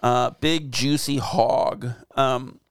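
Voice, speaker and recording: A man's voice: medium pitch, fairly even intonation, extremely slow, smooth, dry recording, clean studio sound. A man co-hosting a podcast, chatting casually and crudely about movies, rambling and laughing. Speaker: podcast co-host. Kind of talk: casual movie-talk chat.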